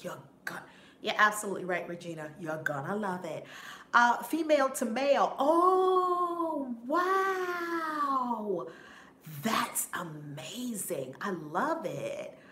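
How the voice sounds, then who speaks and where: A woman reverend hosting a live stream, warmly greeting chat viewers one by one in an effusive, upbeat way. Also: medium pitch. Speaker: reverend and spiritual teacher. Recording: roomy echo, faint background noise.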